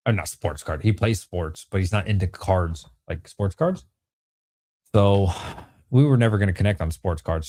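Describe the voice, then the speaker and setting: A man's voice: lowish voice, a little mellow, dry recording, clean studio sound. A man in his thirties chatting casually with a live-stream audience while selling and opening trading cards, in a slangy, joking way. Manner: laid-back slangy talk, frequent "bro" and laughter.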